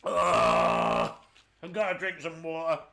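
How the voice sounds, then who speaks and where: A man's voice: sits high, animated, takes it slowly, pushed and bright. A man hosting a live stream, groaning and exclaiming in disgust as he talks through a full mouth. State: mouth full while talking.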